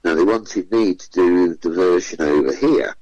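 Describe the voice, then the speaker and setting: A man's voice: low-pitched, normal speed, a little mellow, dry recording, muffled recording. A man, a comedian telling chatty anecdotes in a radio interview and acting out the voices of the people he quotes. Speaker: guest comedian. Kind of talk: anecdotal storytelling.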